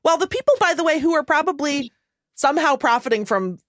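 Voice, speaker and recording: A woman co-hosting a podcast in sarcastic, casual conversation. Her voice is high and swoops widely, very animated. The sound is dry and close. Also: fast, no room sound. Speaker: podcast co-host.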